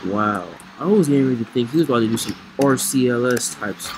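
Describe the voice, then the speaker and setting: A man giving excitable let's play commentary, reacting loudly to the plays. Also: mid-range voice, fast talker. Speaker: gamer. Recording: noisy with game sounds behind.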